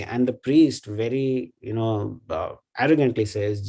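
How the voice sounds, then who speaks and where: A man giving a devotional class talk in a thoughtful, halting way, with frequent fillers and tag questions. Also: on the low side, vocal fry, mellow. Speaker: devotional speaker.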